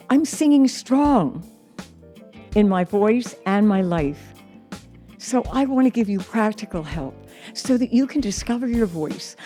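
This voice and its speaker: A woman's voice: medium pitch, warm tone. A middle-aged woman teaching singing, speaking encouragingly and reading from her notes. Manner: slow, encouraging, reads aloud and sings examples. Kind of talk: singing lesson with demonstrations.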